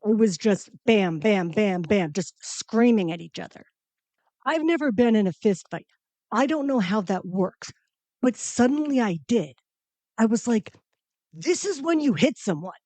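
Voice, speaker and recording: A woman hosting her own show, telling a comedic personal story in a profane, animated, emphatic way. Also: mid-range voice, unhurried, no echo. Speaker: podcast host.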